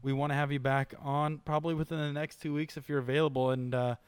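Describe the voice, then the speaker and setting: A male podcast co-host with a slightly high pitch, joking loosely and often breaking into laughs. His sentences wander and trail off, recorded dry and close. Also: little pitch movement, fast talker, smooth, dry recording. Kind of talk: casual chat.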